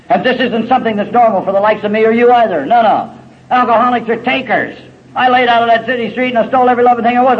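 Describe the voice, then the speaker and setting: A middle-aged man speaking at a recovery meeting, telling his story in a folksy, salty way with wry humor. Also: high-pitched. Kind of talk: personal testimony talk. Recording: dull lo-fi recording with faint hiss.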